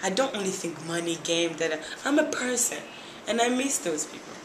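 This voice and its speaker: A woman's voice: lowish voice, moderate pace. A young woman from Tanzania, a former reality show contestant, telling her story in an interview and acting out what people said. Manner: lively storyteller who acts out other people's lines. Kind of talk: interview, animated retelling. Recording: echoey room with faint noise.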